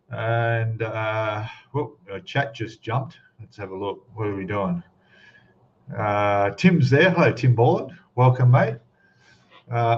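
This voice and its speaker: A man hosting a casual live stream, chatting and greeting viewers one by one by name. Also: medium pitch. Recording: slightly dull lo-fi sound.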